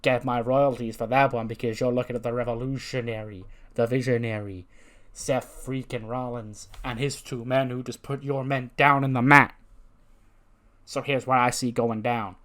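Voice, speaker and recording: A man's voice: mid-range voice, fairly even intonation, normal speed, a bit bright, lightly acted. A man playing an arrogant boastful wrestler. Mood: gloating. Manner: smug, boastful gloating.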